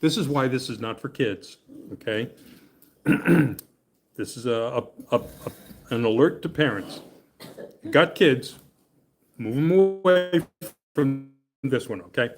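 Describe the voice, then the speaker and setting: A man at an ordinary middle pitch leads a Bible study in a loose, conversational way. He reads scripture aloud, breaks off to explain it with jokes, and keeps checking in with his class. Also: expressive, takes it slowly, long pauses. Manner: chatty and joking, often laughing and checking in with "okay?". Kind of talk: casual Bible study teaching and scripture reading.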